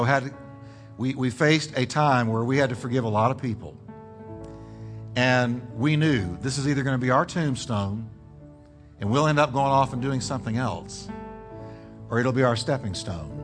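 A middle-aged man preaching as a pastor, with sweeping swings in pitch and emphatic build-ups. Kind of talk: sermon. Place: church sanctuary.

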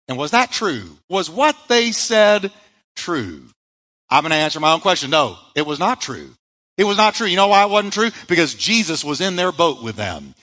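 A man's voice: on the high side, bright, forceful tone, long reverb tail, rough recording. A male pastor preaching a sermon, emphatic, asking rhetorical questions and answering them himself.

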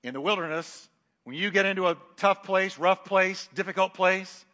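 A man preaching a sermon, emphatic, swinging between loud declarations and quiet asides, in a large church hall. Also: high voice, moderate pace.

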